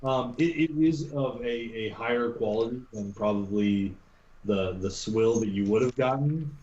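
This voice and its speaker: A man runs a tabletop game as its game master, narrating in a halting way and often restarting his sentences. The recording is muffled and echoes around the room. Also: mid-range voice, a little mellow.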